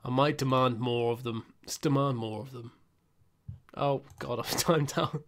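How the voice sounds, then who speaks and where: A young man giving casual, self-mocking commentary while playing a football management game, muttering asides and breaking into excited outbursts. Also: mid-range voice, measured pace. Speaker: gaming YouTuber.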